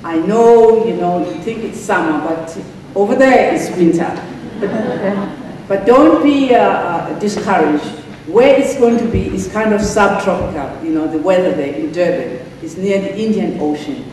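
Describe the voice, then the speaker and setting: Older woman, halting speech. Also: medium pitch, expressive, dark tone, a little hiss or hum. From South Africa. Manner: halting, many fillers and repeats. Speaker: award honoree giving a speech. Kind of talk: acceptance speech. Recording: echoey hall, mic heard from far off.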